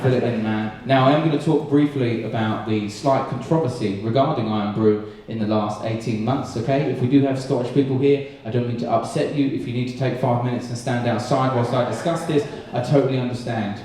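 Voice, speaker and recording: A man from England doing a sweary, animated stand-up set, telling stories and slipping into character voices. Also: medium pitch, brisk, few pauses. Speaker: stand-up comedian. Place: comedy club stage with audience. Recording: echoey live room, distant mic.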